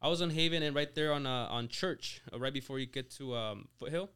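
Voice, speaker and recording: A man's voice: mid-range voice, fairly quick, a bit bright, clear, resonant tone. A man in his twenties from Mexico, a podcast guest telling his story in a casual chat, full of "like" and "you know" and restarted words. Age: 20s. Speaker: podcast guest, auto shop owner.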